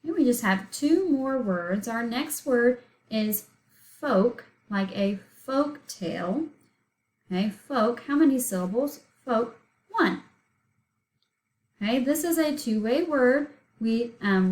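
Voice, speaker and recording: A woman's voice: a little high, a little mellow, poor audio. A woman teaching a recorded spelling lesson, patiently sounding out words letter by letter and syllable by syllable.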